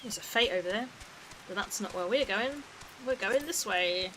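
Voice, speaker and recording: A woman's voice: medium pitch, expressive, normal speed, background noise. Chatty woman streaming a game. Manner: chatty, sarcastic asides, sometimes swears. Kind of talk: casual game playthrough commentary.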